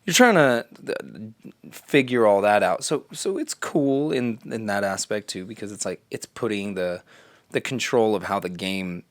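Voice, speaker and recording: A man co-hosting a casual gaming podcast, rambling and animated, swearing and slipping into quick voices for the people he quotes. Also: fairly low pitch, no echo. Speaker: podcast co-host. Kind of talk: casual chat.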